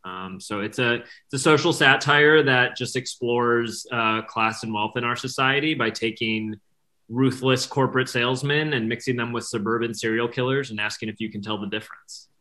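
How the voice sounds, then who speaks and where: Male filmmaker guest, bright forward tone, middle pitch, measured explainer. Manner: measured, explaining carefully with fillers. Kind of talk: interview answers.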